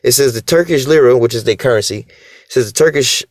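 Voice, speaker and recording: A man giving casual, heated commentary in street slang, swinging between calm explanation and animated emphasis, with many fillers and restarts. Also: a little fast, dry recording, clean studio sound. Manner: animated, profane street slang, acts out dialogue; restarts and fillers, rising pitch when emphatic. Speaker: religious commentator.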